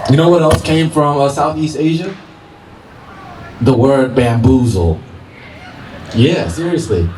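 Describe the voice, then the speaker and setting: A man's voice: mid-range voice, a little mellow. A man performing a stand-up comedy set in a park, laughing through his punchlines. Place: outdoor park stage. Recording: roomy open-air sound from far mic with noise.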